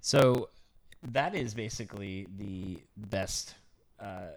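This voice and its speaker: A man's voice: lowish voice, takes it slowly, gravelly, no room sound. A man co-hosting a casual music podcast, chiming in with dry, sarcastic quips. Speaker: podcast co-host.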